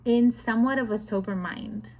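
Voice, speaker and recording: A young woman chatting casually in a book review vlog, retelling scenes with animated, exasperated commentary. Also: on the high side, normal speed, slight background noise. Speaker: book vlogger.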